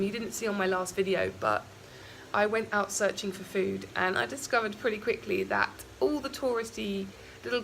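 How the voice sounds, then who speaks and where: Croaky-voiced young woman vlogging candidly. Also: mid-range voice, a little hiss or hum, poor audio. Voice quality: croaky morning voice. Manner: candid, chatty, rambling with fillers. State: out of breath from walking uphill. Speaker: travel vlogger. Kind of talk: casual travel vlog. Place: outdoors walking on a hilly island road.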